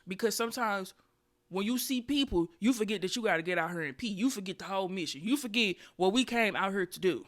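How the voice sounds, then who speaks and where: A woman in her twenties hosting a podcast, telling a story in a casual comedic way with profanity and loud animated bursts. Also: medium pitch, fast. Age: 20s. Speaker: podcast host.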